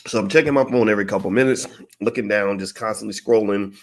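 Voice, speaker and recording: A man telling a story in a casual, profane, animated way, acting out what people said. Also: lowish voice, fast. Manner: profane, animated, acts out quotes. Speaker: channel host.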